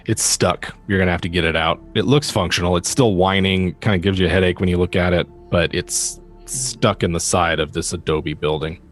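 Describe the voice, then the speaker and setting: A man narrating as game master, describing scenes with many pauses and fillers. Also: sits low, steady tone, faint music behind.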